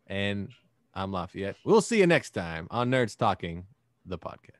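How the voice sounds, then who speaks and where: Lively, joking male podcast host. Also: sits low, measured pace. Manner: animated and joking, slips into mock voices. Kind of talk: casual podcast chat.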